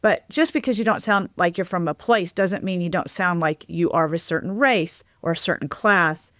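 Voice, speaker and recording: A woman's voice: lowish voice, normal speed, a bit bright, no room sound. Woman linguist explaining, dry close sound. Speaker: linguist guest. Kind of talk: conversational interview.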